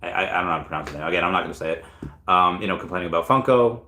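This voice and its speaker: Male streamer, lowish voice, chatty and opinionated, frequent coughs, echoey room. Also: very fast, bright, forceful tone, slight background noise. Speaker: crypto and collectibles YouTuber. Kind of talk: casual livestream commentary.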